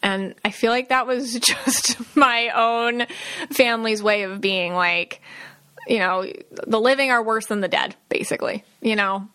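A woman's voice: on the high side, fairly even intonation, unhurried, sharp tone, clear, resonant tone. A woman hosting her own podcast as a psychic medium, talking casually with many fillers and acted-out quotes. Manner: chatty, lots of fillers and quoted asides. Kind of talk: casual solo podcast talk.

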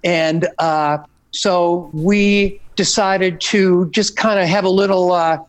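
A man who is a rock singer, a guest in a casual interview, speaking in an easygoing, halting, self-deprecating way. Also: sits high, fairly even intonation.

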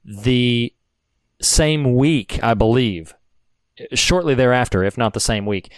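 A man's voice: on the low side, smooth, no room sound. A man co-hosting a podcast, talking earnestly and thoughtfully about a film, with frequent restarts. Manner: earnest, reflective, many restarts. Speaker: podcast co-host. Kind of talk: casual film discussion.

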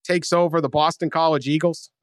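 A man hosting a sports podcast in casual chat, joking and animated, often trailing off quietly. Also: on the high side, brisk, no echo, studio quality. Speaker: podcast host.

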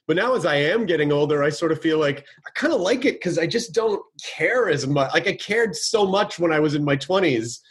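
A man hosting a podcast, chatting casually in a rambling, animated way and swearing now and then. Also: high voice, brisk, hardly any pauses, husky. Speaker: podcast host. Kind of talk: casual chat.

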